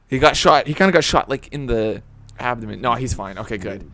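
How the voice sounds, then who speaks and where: A young man giving loose let's-play commentary, excitable and profane. His voice has a gravelly, creaky texture, with game music faintly behind him. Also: medium pitch, brisk. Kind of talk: casual gameplay commentary.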